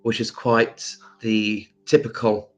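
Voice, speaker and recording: Slow, chatty man greeting viewers. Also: on the low side, completely flat delivery. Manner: slow, hesitant with frequent ums. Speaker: crystal shop livestream host. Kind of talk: casual livestream chat.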